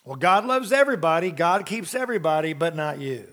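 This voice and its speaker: A man's voice: fairly high pitch, very animated, brisk, fairly bright tone. A man preaching a sermon to a congregation in a church, emphatic and conversational, asking rhetorical questions. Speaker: pastor.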